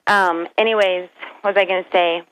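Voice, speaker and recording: A woman calling into a radio show, hesitant and halting with many ums. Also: fairly low pitch, fairly even intonation, fairly bright tone, a little hiss or hum, low-quality recording. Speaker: caller. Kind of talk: phone-in chat.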